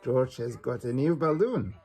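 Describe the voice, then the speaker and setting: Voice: medium pitch, lively intonation, normal speed, dark tone, husky, soft background music. A reader voicing a cheerful little girl piglet in a storybook read-aloud. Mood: chirpy.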